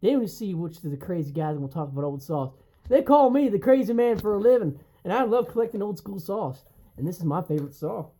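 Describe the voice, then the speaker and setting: Brash man ranting, dark mellow voice. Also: sits high, expressive, brisk, poor audio. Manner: brash, rambling, profane trash talk. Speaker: chainsaw collector vlogger. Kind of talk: casual vlog rant.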